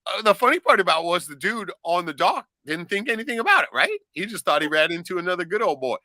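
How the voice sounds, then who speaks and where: A man's voice: sits high, quick pace, dry recording. A man chatting casually as a podcast host, swearing freely and breaking into laughter as he tells stories. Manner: animated, profane, laughs often. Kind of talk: casual chat.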